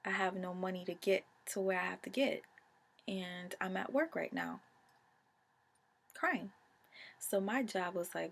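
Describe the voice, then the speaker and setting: A young adult woman vlogger telling a personal story in a casual, animated, emotional way. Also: lowish voice, measured pace, creaky, long pauses.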